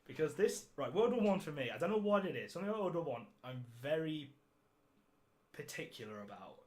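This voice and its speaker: A man's voice: a little high, very animated, fairly quick, a little mellow. A man hosting a podcast, reviewing a film in casual chat, sarcastic and ranting, swearing freely and laughing at his own jokes. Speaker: podcast host.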